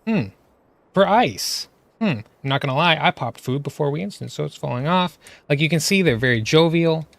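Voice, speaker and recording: A man's voice: fairly high pitch, lively intonation, moderate pace, gravelly, fairly bright tone, dry recording. A man giving exasperated, ranting commentary over gameplay footage, full of rhetorical questions. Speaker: gaming video creator.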